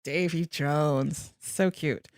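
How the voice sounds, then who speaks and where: A woman's voice: low-pitched, fairly even intonation, extremely slow, a little mellow, no room sound, clean studio sound. A woman hosting a podcast in casual chat, chatty and often laughing. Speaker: podcast host.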